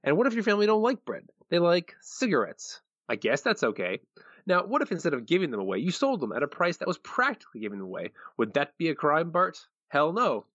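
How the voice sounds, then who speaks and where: A man's voice: on the high side, wildly swooping pitch, fast, fairly bright tone, no echo, lo-fi sound, voice pushed up, heavily acted. A man reading out quotes in a put-on voice of a male mob boss. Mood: mock gangster.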